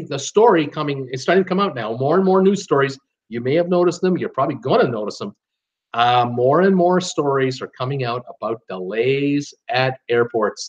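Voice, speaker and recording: With the highs cut off, this recording captures a mid-range male voice. He's a Canadian host of a live cruise channel, rambling through casual stream chat with lots of "uh"s and false starts.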